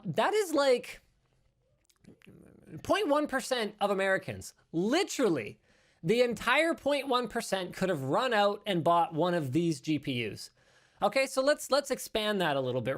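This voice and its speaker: Guy hosting a tech podcast, rambly and animated, keeps fixing what he just said. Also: sits high. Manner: animated, rambling, self-correcting. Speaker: podcast host. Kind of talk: casual tech news chat. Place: studio.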